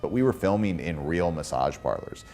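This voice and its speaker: A man's voice: rumbling low, lively intonation, moderate pace, darkish tone. A man, a filmmaker, reflecting in a documentary interview.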